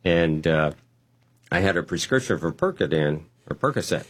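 A man telling his testimony as a guest, acting out the dialogue with animated energy. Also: low-pitched, normal speed. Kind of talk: testimony storytelling.

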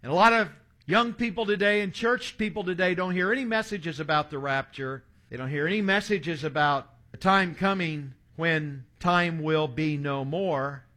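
A man's voice: a little high, moderate pace, bright, forceful tone. A man in his sixties preaching a sermon, telling stories and reading scripture aloud in an earnest way. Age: 60s. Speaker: pastor.

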